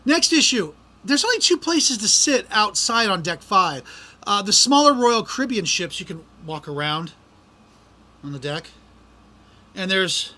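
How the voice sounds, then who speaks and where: High, bright-voiced man ranting. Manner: exasperated, ranting complaints. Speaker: podcast host. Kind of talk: casual podcast monologue.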